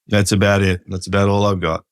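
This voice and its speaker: Low-voiced Australian farmer, plain-spoken. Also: male voice, flat delivery, a little fast, no room sound. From Western Australia. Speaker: farmer and guest. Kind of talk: casual interview over a call.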